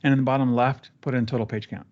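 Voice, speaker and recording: Relaxed man teaching software over a call. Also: mid-range voice, fast talker, lo-fi sound. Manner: relaxed, talks a trainee through steps with fillers. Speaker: software trainer. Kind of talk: live screen-share training session.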